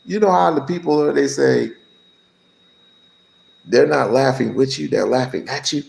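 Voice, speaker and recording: A man co-hosting a call-in livestream, giving slow, lecturing commentary. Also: a little high, creaky, a little mellow. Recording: roomy echoey room.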